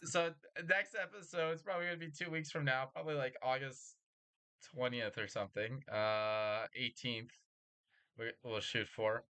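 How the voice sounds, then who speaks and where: A man's voice: mid-range voice, steady tone, normal speed, sharp tone, smooth. A man hosting a gaming podcast in casual banter. He jokes around, swears freely and laughs a lot. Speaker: podcast host.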